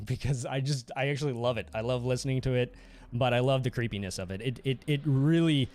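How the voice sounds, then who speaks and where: A man's voice: mid-range voice, dry recording. A man hosting a casual livestream, chatting goofily with viewers and laughing often. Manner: goofy, animated, reads chat aloud and laughs often. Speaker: livestream host.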